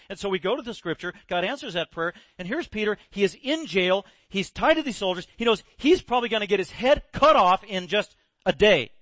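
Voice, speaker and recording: A man's voice: sits high, brisk, dry recording. A man preaching a sermon, telling a story with energy and acting out the quoted voices. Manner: animated storyteller, acts out quotes. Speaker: pastor.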